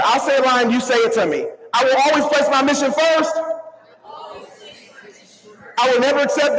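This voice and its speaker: Man, very high pitch, energetic motivational speaker, audience call-outs, long hall reverb. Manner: energetic, calls on the audience to respond and move. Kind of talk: live keynote to a crowd of staff.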